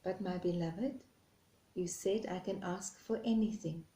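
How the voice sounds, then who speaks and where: A woman speaking as a gentle, patient God in a parable, her voice soft and slow, recorded in an echoey room. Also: lowish voice, fairly even intonation, close to an everyday voice. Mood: tender.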